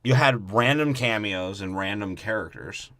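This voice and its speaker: A man's voice: lowish voice, moderate pace, fairly bright tone, dry recording. A young man co-hosting a crude comedy movie review podcast, rambling and mocking. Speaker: podcast co-host.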